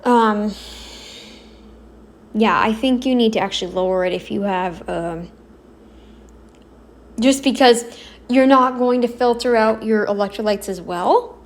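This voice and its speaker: A woman giving casual reaction commentary, halting and self-correcting, blunt and exasperated in her opinions. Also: mid-range voice. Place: home, kneeling then seated.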